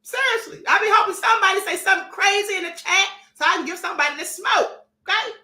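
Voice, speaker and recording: A woman's voice: extremely high pitch, fast talker, sharp tone, roomy sound. A woman hosting a live-stream commentary show, reading chat comments aloud in a sassy, defiant and emphatic way.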